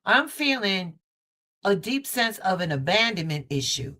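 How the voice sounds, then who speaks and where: A woman's voice: mid-range voice, sing-song, measured pace, bright, forceful tone. A woman giving a live tarot card reading, calling the viewer baby and repeating her phrases for emphasis. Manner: affectionate, calls viewer baby and mama. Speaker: tarot reader. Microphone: basic streaming setup.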